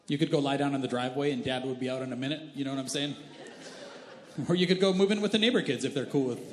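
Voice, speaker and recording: Joking pastor in an echoing church hall. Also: male voice, on the high side. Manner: joking, self-deprecating, chatty with asides to the congregation. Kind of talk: humorous sermon storytelling. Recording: roomy church hall with long reverb.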